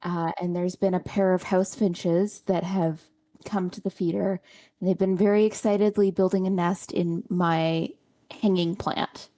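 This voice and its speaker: Amused woman telling a lively story. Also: lowish voice, a little slow. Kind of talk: casual chat before a game.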